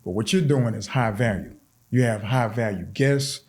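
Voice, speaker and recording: A man's voice: on the low side, moderate pace, darkish tone. A man who is a podcast guest in casual chat, earnest and encouraging, often repeating words as he builds toward his point. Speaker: podcast guest, fraternity chapter president.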